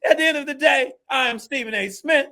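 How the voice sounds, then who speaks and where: A man's voice: extremely high pitch, fairly quick, gravelly, pushed and bright, pitched above the performer's own voice, exaggerated voice. A man putting on an impression of a bombastic, boastful male sports pundit who makes emphatic pronouncements. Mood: blustering.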